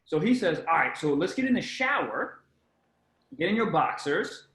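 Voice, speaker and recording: Animated swearing man telling a story, roomy sound. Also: a little high, normal speed. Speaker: comedian guest. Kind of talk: casual storytelling chat.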